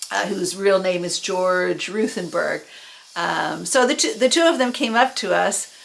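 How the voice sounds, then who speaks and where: A woman's voice: mid-range voice, gravelly, fairly bright tone, a little hiss or hum, poor audio. A woman in her sixties casually recalling old memories, rambling with lots of fillers and little self-mocking laughs. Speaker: vlogger recalling the early punk scene. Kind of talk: casual spoken memoir.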